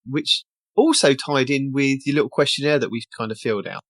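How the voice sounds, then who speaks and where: A podcast host casually chatting and reading out game tasks in a brisk way. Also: medium pitch, no echo.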